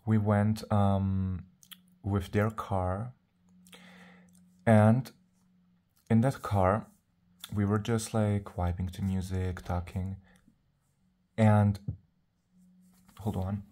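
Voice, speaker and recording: Low, mellow voice with rambling, sassy chatter. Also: male voice, little pitch movement, very slow, pauses often. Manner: self-assured, sassy. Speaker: vlogger. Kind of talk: casual vlog monologue.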